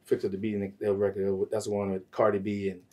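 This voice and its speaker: A man, a music manager, telling stories in a casual interview, profane and animated, acting out the voices of people he quotes. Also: lowish voice, fast, recorded from a distance.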